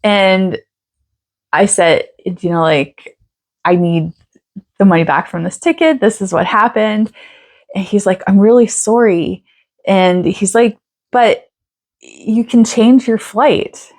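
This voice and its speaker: A woman's voice: mid-range voice, measured pace, pauses often. A woman vlogger telling a personal story in a chatty way, laughing often and acting out quoted lines. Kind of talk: casual storytelling to camera.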